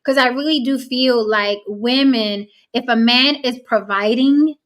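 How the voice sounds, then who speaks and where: A woman's voice: fairly high pitch, unhurried, fairly bright tone. A woman hosting a casual podcast, speaking emphatically and repeating her points. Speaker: host.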